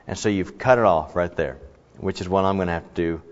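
A man's voice: deep voice, fairly quick. A man teaching a Bible study in a conversational, emphatic way, often restarting his sentences. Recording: dull audio, long reverb in a hall.

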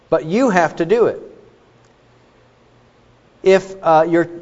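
Middle-aged male preacher, mid-pitched, earnest storytelling, dull lo-fi hall recording. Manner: earnest, with many fillers and illustrations. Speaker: pastor. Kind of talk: sermon.

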